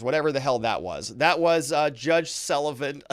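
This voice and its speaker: Lawyer guy chatting on a livestream, lots of fillers, lively up and down voice, dry room. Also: a little high, normal speed, few pauses, dry recording. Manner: conversational, hedging with fillers. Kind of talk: casual livestream commentary reading chat.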